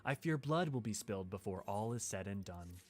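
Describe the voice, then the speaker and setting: A man voicing a calm, solemn woman leader who speaks in a measured, formal way. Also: lowish voice, faint music behind, voice pushed down.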